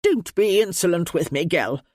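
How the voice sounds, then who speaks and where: A woman's voice: lowish voice, expressive, normal speed, darkish tone, no room sound, studio quality. A woman voicing an imperious elderly noblewoman who scolds and commands in a storybook reading.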